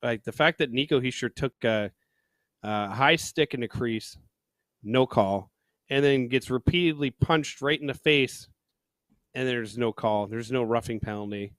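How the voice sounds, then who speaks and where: A man's voice: mid-range voice, a little slow, a bit bright, no room sound. A man co-hosting a sports podcast, chatting casually and rambling, with jokey asides. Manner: rambling, jokey, drops into silly voices. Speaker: podcast co-host.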